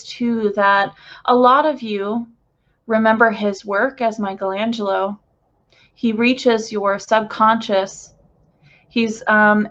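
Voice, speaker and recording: A woman's voice: a little high, highs cut off. A woman channeler talking to viewers in a casual, gushing way with lots of fillers, recorded in her bedroom. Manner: excitable, gushing, many fillers. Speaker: spiritual channeler.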